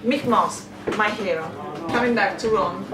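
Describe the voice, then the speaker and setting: A woman interviewing a musician backstage, effusive and quick to laugh. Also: medium pitch. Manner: giggly, effusive, fast questions. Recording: roomy, distant, crowd noise behind.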